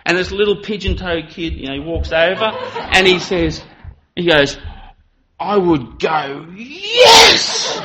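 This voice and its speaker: A man's voice: on the high side, bright, forceful tone, rough recording. A man giving a sermon to a congregation, telling stories and acting out children's voices. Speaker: preacher.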